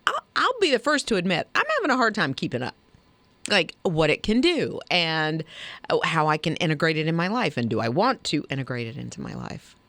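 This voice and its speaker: Lively chatty woman radio co-host. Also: low voice, brisk, no echo. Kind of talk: casual morning show chat. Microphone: studio microphone.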